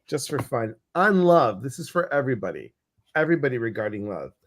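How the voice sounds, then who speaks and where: A man's voice: medium pitch, brisk. Chatty Chicago man co-hosting a stream. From Chicago, US Midwest. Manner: chatty, animated, repeats phrases for emphasis. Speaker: co-host reading viewer comments. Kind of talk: casual livestream chat.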